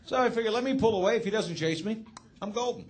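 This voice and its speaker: A man doing a stand-up comedy set, telling a story in a deadpan, sardonic way. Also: high voice, fast talker.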